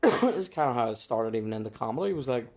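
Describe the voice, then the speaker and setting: A man's voice: mid-range voice, expressive, very fast. A man with a Northern Irish accent, a comedian telling stories in casual chat, swearing freely and acting out the people in them. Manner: swears freely, acts out others in his stories. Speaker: comedian guest.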